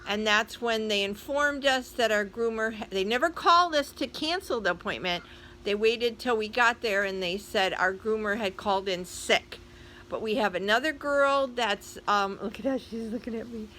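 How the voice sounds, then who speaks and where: Bright-voiced older woman vlogger. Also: a little high, moderate pace, slight background noise, poor audio. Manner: chatty, talks straight to viewers. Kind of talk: casual storytelling to camera.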